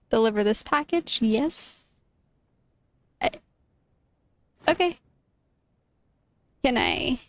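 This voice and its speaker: A high-pitched young woman talks her way through a game at an unhurried pace, bursting into excited exclamations and reading on-screen text aloud. Her voice sits close and dry against the mic. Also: vocal fry, dry recording. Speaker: streamer. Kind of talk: casual gameplay commentary.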